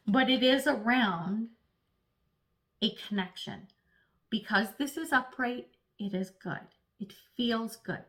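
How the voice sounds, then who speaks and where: A woman's voice: on the high side, fairly bright tone. A woman giving a casual, chatty tarot reading, playfully acting out little voices as she talks. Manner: speaks of herself as an earth sign. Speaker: tarot reader.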